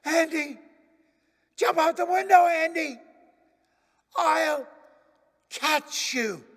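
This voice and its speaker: A man voicing a frantic father who shouts up urgently to his trapped son, in a long reverberant hall. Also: very high-pitched, drawn-out words, creaky, voice pushed up, exaggerated voice. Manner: urgent shouting, raised and strained.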